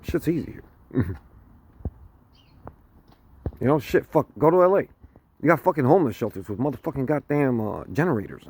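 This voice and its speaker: A man's voice: medium pitch, moderate pace, pauses often, breathy edge. A man ranting casually to camera, swearing constantly and laughing between lines. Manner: profane, laughing often, animated. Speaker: vlogger.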